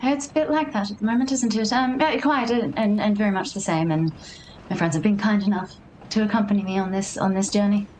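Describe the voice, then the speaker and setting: A woman voicing a polite, shy traveler who speaks in a hesitant, halting way. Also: mid-range voice, darkish tone, a little hiss or hum, close to an everyday voice, poor audio. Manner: hesitant, halting, many fillers.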